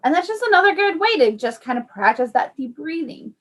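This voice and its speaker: A young woman, an early childhood paraprofessional, talking parents through calming techniques in a friendly, chatty way with lots of "um"s. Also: high-pitched, brisk. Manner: friendly, chatty, many fillers. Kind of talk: informal parent education talk.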